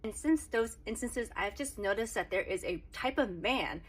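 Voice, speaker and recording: A woman's voice: a little high, expressive, normal speed, breathy edge. A woman telling a personal dating story in a chatty, earnest way. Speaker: TikTok creator. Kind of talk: casual storytelling advice.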